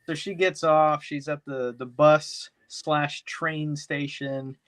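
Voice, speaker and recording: A man's voice: on the high side, level tone, takes it slowly. Rambling, foul-mouthed man recapping a movie. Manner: rambling, profane, heavy on "you know". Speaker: podcast co-host. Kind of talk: casual chat, movie recap.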